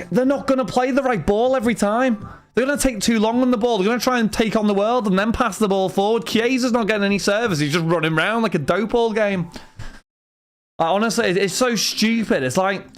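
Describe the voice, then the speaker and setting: A young man hosting a livestream, talking casually to his chat. He rambles and vents with exasperation, his voice sitting a little higher than most men's. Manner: rambling and exasperated, venting about football. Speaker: livestream host.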